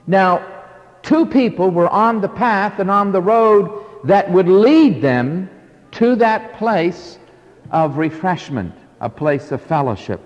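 A man's voice: sits high, a little mellow, big-room sound, muffled recording. A middle-aged man preaching a sermon with an emphatic, rising and falling cadence.

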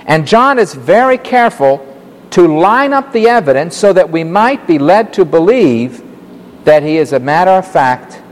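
A male pastor preaching with emphatic, animated delivery, his voice rising and falling widely and sitting a little higher than most men's. The sermon carries a long hall reverb. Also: normal speed. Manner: emphatic, animated Bible exposition.

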